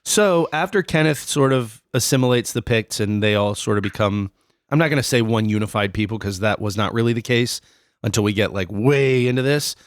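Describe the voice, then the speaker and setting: A man's voice: on the low side, a little fast, dry recording, clean studio sound. A man co-hosting a casual podcast, explaining history in a loose, rambling way with many fillers. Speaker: podcast co-host.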